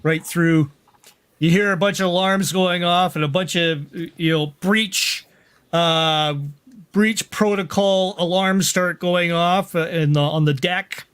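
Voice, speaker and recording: A man narrating a sci-fi tabletop game as game master, describing the scene in a slow, drawn-out way. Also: high-pitched, fairly even intonation, fairly bright tone, smooth.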